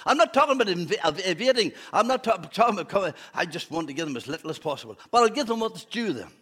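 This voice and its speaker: A man's voice: high-pitched, sing-song, fast talker, fairly bright tone, husky. A man preaching a fervent evening sermon in church, with humorous asides.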